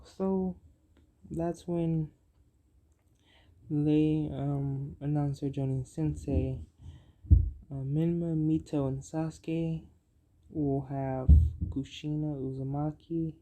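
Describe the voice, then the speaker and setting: A storyteller making up a fan-fiction tale as they go, halting, with many fillers and self-corrections. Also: medium pitch, fairly even intonation, warm tone.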